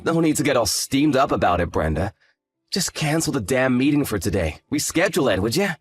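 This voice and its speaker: A man's voice: mid-range voice, very animated, brisk, slightly rough, dry recording, faint music behind. A man voicing an arrogant, hungover young fiancé who talks in a lazy, condescending, sarcastic way. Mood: dismissive. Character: arrogant hungover male fiancé, dismissive and smug. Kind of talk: scripted story drama.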